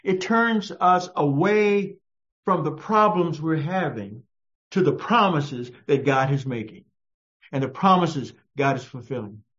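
A man's voice: expressive, a bit bright. Emphatic preacher man, lo-fi recording. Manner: emphatic, with sudden rises in pitch on key words; drawn-out, stressed short phrases. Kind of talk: sermon. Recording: dull lo-fi recording.

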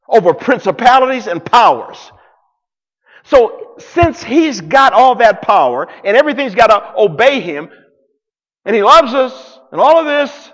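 A man preaching a sermon to a congregation, dramatic, swinging from loud declarations to hushed near-whispers. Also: very high-pitched, very animated, unhurried, long reverb tail. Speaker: pastor.

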